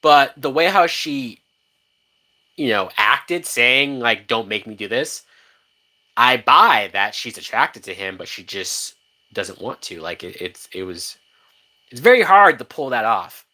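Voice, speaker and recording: A man giving casual, profane live-watch commentary on a movie, animated and quick to laugh, often restarting his sentences. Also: medium pitch. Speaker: movie reaction host.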